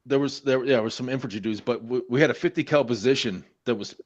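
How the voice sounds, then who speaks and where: A man's voice: medium pitch, quick pace, lo-fi sound. Profane, rambling man on a stream. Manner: heavy swearing, rambling, many restarts. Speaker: Marine veteran guest. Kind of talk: casual storytelling among friends.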